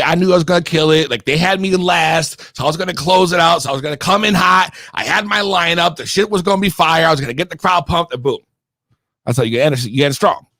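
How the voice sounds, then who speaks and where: A young man from Connecticut tells a story with a high voice that swings widely up and down. His delivery is heated, slangy and full of swearing, and it rambles and restarts. The recording is dry and close. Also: no echo. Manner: profane, heated, animated storytelling. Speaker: podcast regular telling a story. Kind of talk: casual storytelling.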